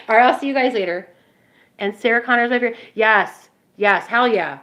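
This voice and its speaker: A woman's voice: mid-range voice, fairly quick, fairly bright tone. A woman livestreaming casually to her viewers, heartfelt and rambling with many fillers, a little stuffed up from a nose infection. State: nasal infection. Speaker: live streamer.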